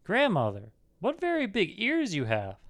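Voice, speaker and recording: A man's voice: mid-range voice, very animated, normal speed. A man voicing an innocent, polite little girl in a storybook reading, with a raised, sweet lilting voice.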